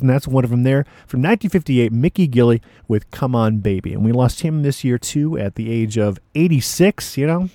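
A man's voice: medium pitch, warm tone, no echo, clean studio sound. A man hosting a radio music show, chatting in a laid-back way between records with frequent fillers. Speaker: radio DJ host.

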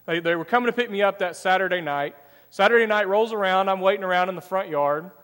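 A man's voice: high voice, fast, a bit bright. A man preaching a sermon, telling a personal story in a conversational way and acting out the dialogue. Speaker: pastor. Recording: long reverb of a church hall.

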